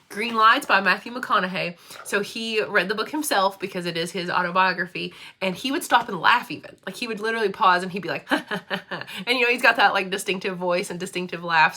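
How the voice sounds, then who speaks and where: A woman's voice: medium pitch, pushed and bright. A woman, chatting casually about books and laughing often. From Kentucky, USA. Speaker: school librarian and book vlogger. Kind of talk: casual chat.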